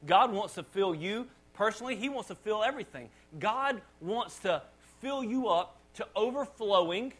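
A pastor preaching a conversational sermon, often restarting and repeating words, with dramatic rises when reading scripture. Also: male voice, high-pitched, animated, moderate pace, a bit bright, breathy edge.

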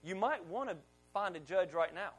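A middle-aged pastor with a fairly high voice preaches to his church congregation. He talks like he is telling a story to friends, then gets loud and pushes hard on his key points. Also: lively intonation, moderate pace, slightly rough, soft background music. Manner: conversational storytelling preacher, rising loud on emphasis. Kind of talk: sermon.

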